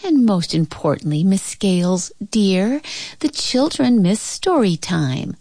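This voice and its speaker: A gentle female kindergarten teacher in a storybook, voiced by a woman reading aloud. She coaxes softly and kindly. The recording is close and dry. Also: medium pitch, lively intonation, takes it slowly, no room sound. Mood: coaxing.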